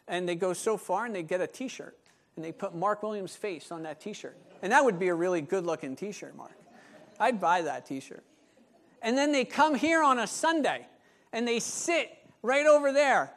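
A man, a pastor, preaching a sermon in a lively manner and acting out what members of the church might say. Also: high voice. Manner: animated, acts out voices of church members.

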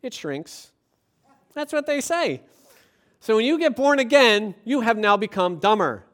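A preacher giving a lively, conversational sermon to a congregation and peppering it with rhetorical questions. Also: mid-range voice, measured pace.

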